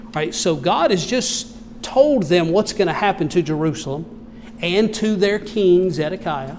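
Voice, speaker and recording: Southern preacher, high voice, hall echo. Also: male voice, animated, darkish tone, slight background noise. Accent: Southern American. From American South. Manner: reads scripture slowly and solemnly, then explains in plain folksy talk. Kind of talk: expository sermon reading King James scripture.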